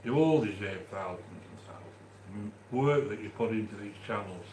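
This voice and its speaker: A man from the English Midlands with a Midlands accent, hosting a live stream and chatting warmly with viewers as he reads their comments, with frequent restarts. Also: fairly low pitch, lively intonation, normal speed, roomy sound, a little hiss or hum. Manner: chatty and affectionate, with many restarts. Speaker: livestream host reading chat. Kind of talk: casual live-stream chat.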